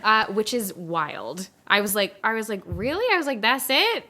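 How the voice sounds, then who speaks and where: Chatty woman with a bright voice. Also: medium pitch, lively intonation. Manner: chatty, swears, acts out characters in quick asides. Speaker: podcast co-host. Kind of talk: casual chat.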